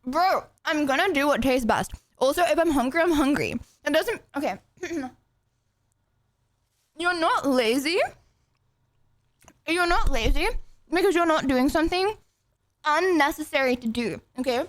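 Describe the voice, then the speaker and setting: A woman's voice: high-pitched, expressive, unhurried, pauses often, no room sound. A young woman streaming live, chatting casually and rambling to her viewers while she eats. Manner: rambling, chatty, talks to chat.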